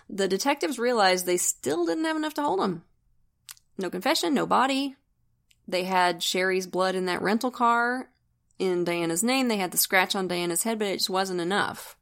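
Woman host, true crime podcast, chatty and wry, mid-pitched, laughs a lot. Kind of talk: casual true crime storytelling.

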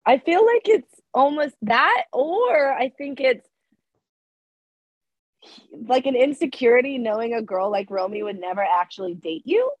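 A woman's voice: high-pitched, lively intonation, unhurried, dry recording. Sick-voiced woman podcast co-host, emphatic. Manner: emphatic, repeats herself for emphasis. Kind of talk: casual chat. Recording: dry, dull lo-fi sound.

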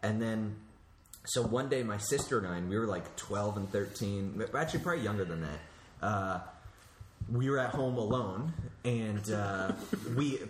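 A man's voice: lowish voice, animated, measured pace. A man telling a childhood story in casual talk, hesitant and full of filler sounds. The room is echoey with light noise behind. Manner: hesitant, many uhs, laughs through story.

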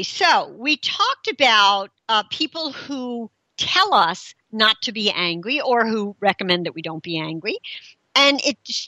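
A middle-aged woman talks to her listeners in a casual, chatty show monologue. Her voice is bright and high, and it swings up and down a lot. She laughs often, and the sound is dry and close. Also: no echo. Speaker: host.

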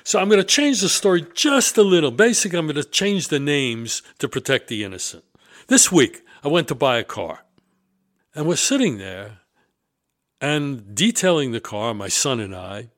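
A man's voice: on the high side, sing-song, moderate pace, fairly bright tone. A middle-aged man telling stories in a casual chat, emphatic and indignant, his voice rising and falling. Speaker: show guest or co-host telling stories.

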